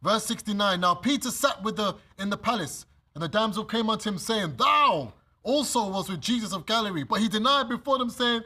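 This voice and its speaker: British male preacher, high husky voice, lively storytelling sermon. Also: a little fast. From Britain. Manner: animated, acts out scenes, laughs often. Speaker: preacher leading bible study. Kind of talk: sermon with scripture reading.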